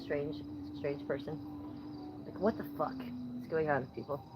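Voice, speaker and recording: A woman's voice: deep voice, fairly even intonation, measured pace, very noisy. A woman from Ohio hosting a casual livestream, reading chat comments outdoors at night, blunt and playfully profane. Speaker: livestream host.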